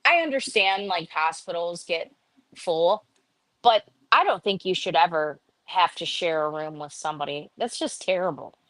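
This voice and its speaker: A woman chatting casually on a live stream. She tells stories in an animated way and acts out the quotes in a raised voice. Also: on the low side, moderate pace, no room sound. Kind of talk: casual chat.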